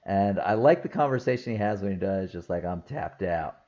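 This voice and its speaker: A man's voice: lowish voice, animated, fast, mellow, dull audio. A man talking casually through a film review, rambling and enthusiastic, with lots of fillers and laughs. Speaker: movie reviewer.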